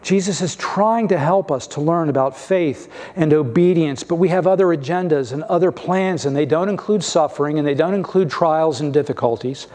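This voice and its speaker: Brief: male pastor, somewhat high voice, storytelling sermon with light humor. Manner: storytelling preacher with gentle humor.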